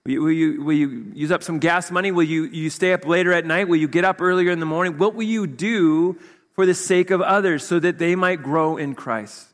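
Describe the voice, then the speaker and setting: A pastor delivers a sermon a little fast, his slightly high voice speaking to the congregation in a relaxed, conversational style. Rhetorical questions keep coming at them, and each phrase trails away into long hall reverb.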